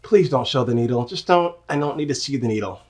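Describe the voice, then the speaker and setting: A man's voice: medium pitch, lively intonation, fast talker, a little mellow, slight background noise. A male co-host reacting to a movie in casual chat, with upbeat, brief comments.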